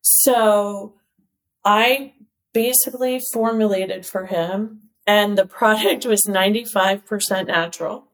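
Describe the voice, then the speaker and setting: A woman who is a company CEO and cosmetic chemist, telling stories as an interview guest in a lively way, laughing often and using lots of "like.". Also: mid-range voice, takes it slowly. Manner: lively storyteller, laughs often, many "like" fillers. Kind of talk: casual chat, telling stories.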